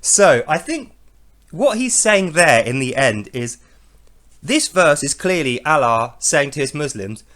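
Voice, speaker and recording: A man with a high voice and a very animated delivery hosts a podcast. He talks over a scripture reading in a sarcastic, mocking way. He swears freely and often drops into loud mock voices. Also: measured pace.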